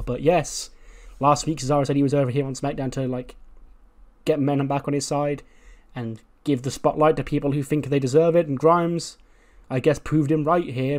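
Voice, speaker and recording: Excitable man narrating a game. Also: medium pitch. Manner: excitable, laughing. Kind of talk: casual gameplay storytelling.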